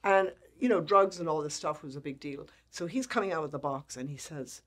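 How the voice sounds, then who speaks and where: A woman in her sixties, a make-up artist speaking as a guest, telling lively anecdotes and acting out the people she quotes. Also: deep voice, brisk. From Ireland. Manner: animated anecdotes, frequent laughter, acts out quoted people. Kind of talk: storytelling interview talk.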